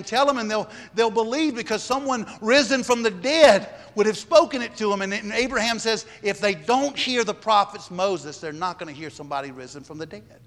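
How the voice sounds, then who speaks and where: A man delivers a sermon with a high-pitched voice, pressing each point and circling back on his phrases. His words ring out with the long reverb of a large hall. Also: brisk, hardly any pauses, a bit bright. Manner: emphatic, repeats phrases. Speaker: preacher.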